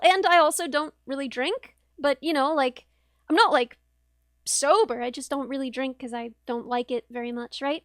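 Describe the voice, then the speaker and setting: A woman's voice: sits high, moderate pace, a bit bright, no room sound, studio quality. A young woman streamer telling a rambling, wry story in casual chat, with lots of fillers. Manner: chatty, rambling, wry, with laughs and many fillers. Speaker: vtuber streamer.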